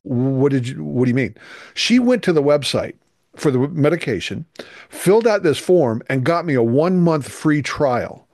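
A man's voice: on the high side, expressive, moderate pace, a little mellow, dry recording, studio quality. A middle-aged man, a youth minister, telling an emotional personal testimony in an earnest, emphatic way. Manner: earnest, emphatic, voice rising with feeling.

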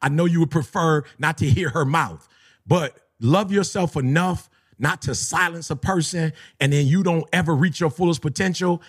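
Husky man telling stories. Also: moderate pace. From Detroit area. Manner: animated, slangy, acts out voices with big pitch jumps. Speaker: motivational speaker. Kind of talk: storytelling talk.

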